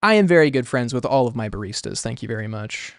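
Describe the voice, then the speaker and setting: A man's voice: mid-range voice, expressive, fast talker, no echo, studio quality. A young man talking casually on a livestream while he sketches, rambling with lots of "like" and restarts. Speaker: artist streaming.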